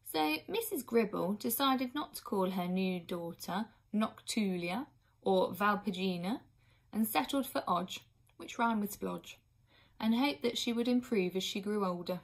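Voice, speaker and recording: A woman reading a children's book aloud expressively, now and then pausing for an aside to her listeners. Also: medium pitch, lively intonation. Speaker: reader.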